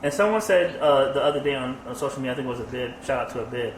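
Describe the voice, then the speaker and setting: A man co-hosting a casual podcast discussion, relaxed and agreeable, paraphrasing what others said. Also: medium pitch, very fast. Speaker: podcast co-host. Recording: echoey room with faint hiss.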